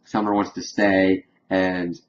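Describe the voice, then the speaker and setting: A man casually recapping a cartoon episode in a rambling way, full of fillers and quick acted quotes. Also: sits low, flat delivery. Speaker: reviewer. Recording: dull lo-fi home recording with faint hiss.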